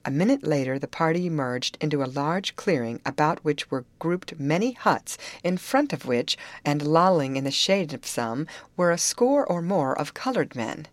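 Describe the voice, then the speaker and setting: A woman narrates a classic novel in a measured storytelling manner. Her voice is low-pitched but expressive, moving widely in pitch. The recording is dry and close, with no room sound. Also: dry recording. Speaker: audiobook narrator. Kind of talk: scripted audiobook narration.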